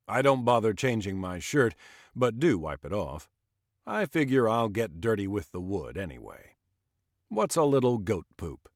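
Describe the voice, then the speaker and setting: Lively low-voiced male audiobook narrator. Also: dry recording, clean studio sound. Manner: measured, expressive reading. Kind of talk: scripted first-person audiobook narration.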